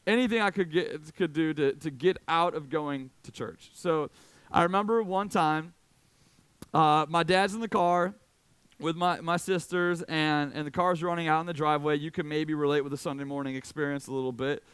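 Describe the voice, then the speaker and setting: A young man in his late twenties from Indiana delivers a youth sermon in a relaxed, joking storyteller's way. His voice is fairly high for a man and smooth, and it is recorded close and dry. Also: normal speed, no echo. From Indiana, USA. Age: late 20s. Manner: casual, animated, self-deprecating. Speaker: youth pastor.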